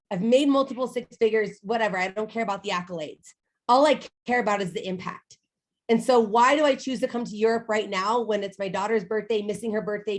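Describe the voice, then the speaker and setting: A woman in her thirties from the United States, giving a motivational talk to a sales team and speaking to the audience directly. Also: a little high. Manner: emphatic, personal storytelling, addresses the audience directly.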